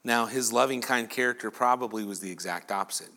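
A male pastor giving a lively sermon who acts out imagined dialogue between the people in his story. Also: lowish voice, quick pace. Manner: animated preaching, acting out imagined dialogue.

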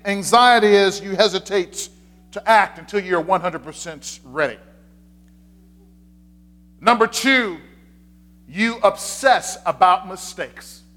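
A man's voice: high-pitched, bright, forceful tone. A man, a pastor, giving a conversational sermon, repeating his key points with frequent fillers.

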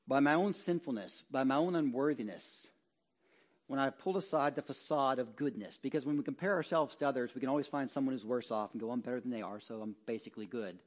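A middle-aged man, a ruling elder, preaching an impassioned sermon that sinks to hushed low tones and rises to loud exhortation.

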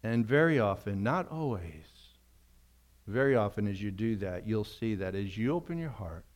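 A man preaching earnestly as a pastor, repeating key phrases for emphasis, then praying in a softer, slower voice. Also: fairly low pitch, lively intonation. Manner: softens to a quiet, slow prayer. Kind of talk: sermon closing in prayer.

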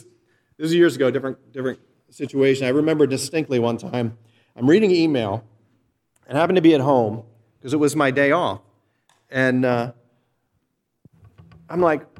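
A middle-aged man, a pastor, preaching a sermon in a conversational, storytelling way with frequent restarts. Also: fairly high pitch.

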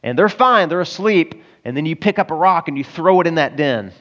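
A man's voice: fairly high pitch, lively intonation, fairly quick, a bit bright, highs cut off. A man with a Southern American accent preaching a sermon in a conversational, emphatic style full of rhetorical questions. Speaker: pastor.

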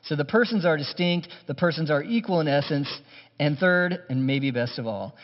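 A man preaching a sermon in an animated, conversational way, with touches of humor. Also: fairly high pitch, normal speed. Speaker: pastor. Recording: muffled hall recording with long reverb.

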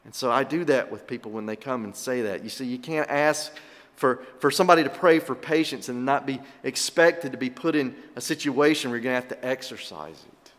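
A middle-aged male pastor preaching a sermon, animated, swinging between loud emphasis and quiet asides. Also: medium pitch, quick pace, long reverb tail.

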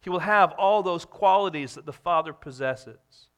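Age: adult. Sex: man. Style: sermon, bright, tense voice. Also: high voice. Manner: slow emphatic repetition of key phrases; explains scripture verse by verse to a congregation. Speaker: pastor.

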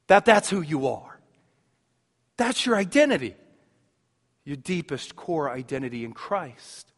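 A man preaching a sermon as pastor, swinging between emphatic passages and soft, hushed ones, and repeating words as he builds a point. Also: very high voice, big-room sound.

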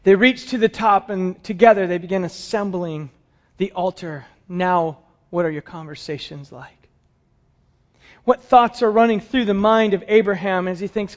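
A male pastor delivers a sermon as a dramatic story, often falling into hushed tones. His voice sits high, and the recording has a dull, lo-fi sound. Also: steady tone, normal speed.

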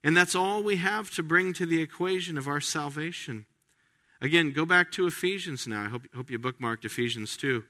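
A pastor preaching a sermon in an earnest, conversational way, slowing down to stress key phrases. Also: male voice, on the high side, pushed and bright.

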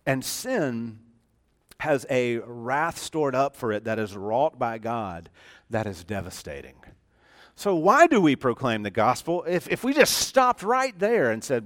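A man preaching a sermon as a church pastor, emphatic and swinging from loud to hushed. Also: medium pitch, big pitch swings, unhurried. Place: church sanctuary.

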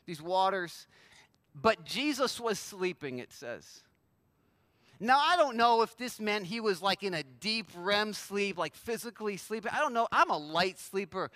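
A man's voice: high-pitched, pushed and bright, dry recording. A man preaching a sermon as pastor, conversational and emphatic, with a prayer before he reads and explains scripture.

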